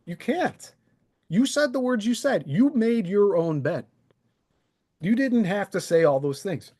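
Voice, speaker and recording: A man's voice: high-pitched, measured pace. A man in his thirties, a channel host, delivering an angry, sarcastic, profane solo rant to camera into a desk microphone. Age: 30s. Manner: heated, sarcastic, profane, very animated.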